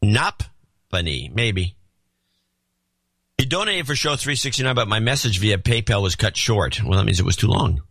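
Man, podcast co-host, wry and dry, lowish voice, close dead studio sound. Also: lively intonation, normal speed, a bit bright, slightly rough, no echo. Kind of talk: casual political chat, reading donor notes.

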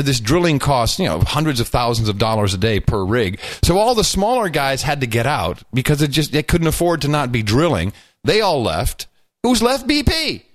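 A man co-hosting a talk show in casual chat, sardonic and animated, his pitch jumping when he gets worked up. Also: no room sound, studio quality. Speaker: podcast co-host.

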